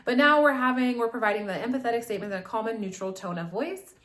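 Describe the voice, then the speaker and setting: A woman's voice: fairly high pitch, fast, a bit bright. Woman, young adult, parenting educator, casual instructional talk, conversational, fillers and restarts.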